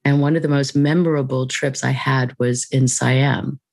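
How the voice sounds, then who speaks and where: Gravelly-voiced woman telling her story. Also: very deep voice, steady tone, darkish tone, no echo. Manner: unhurried, thoughtful, laughs lightly between thoughts. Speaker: podcast guest, mindfulness teacher. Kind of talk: reflective personal storytelling.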